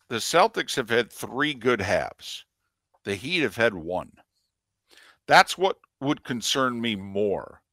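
A man's voice: lowish voice, a bit bright, no echo, studio quality. A man co-hosting a sports radio show, giving emphatic opinions in casual sports talk.

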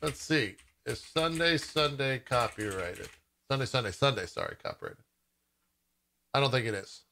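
Male host, bright sharp tone, loose joking banter. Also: medium pitch, vocal fry. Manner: relaxed, joking, talks in quick bursts. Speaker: podcast host. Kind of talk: casual chat.

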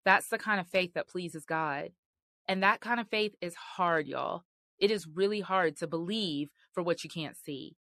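A woman's voice: on the low side, a bit bright, dry recording. A woman host giving sermon-style marriage teaching, earnest and emphatic in a conversational way.

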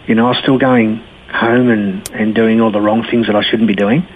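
A man's voice: medium pitch, steady tone, normal speed. A man giving a candid personal testimony as an interview guest, telling his story in a blokey way with frequent restarts. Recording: tinny phone-like line with faint hiss.

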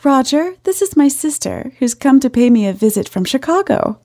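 A woman's voice: high voice, sing-song, moderate pace, darkish tone, no room sound, studio quality, voice pushed up, exaggerated voice. A woman doing a bold teasing flirt of a sister. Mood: playful. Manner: teasing, bossy, brassy.

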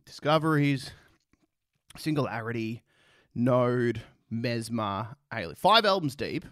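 A man's voice: medium pitch, lively intonation, slow, a bit bright, dry recording, clean studio sound. A man giving profane, sarcastic reaction commentary. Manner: sarcastic, mocking, swears a lot.

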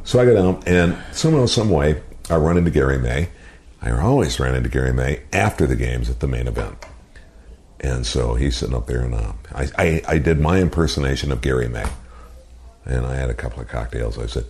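A man in his sixties, a radio personality telling animated anecdotes as a guest, slipping into quoted voices. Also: a bass voice, fairly quick. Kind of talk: storytelling in interview.

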